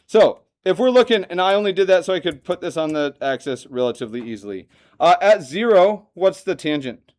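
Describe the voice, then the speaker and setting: A man teaching a math lesson to a classroom, lively and joking, often asking the students questions. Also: fairly high pitch, fast. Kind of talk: classroom lecture.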